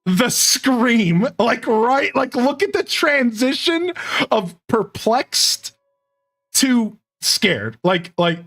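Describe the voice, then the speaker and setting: Animated high-voiced male streamer. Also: extremely slow. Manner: excitable, laughs often, reads chat aloud. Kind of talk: casual gaming commentary.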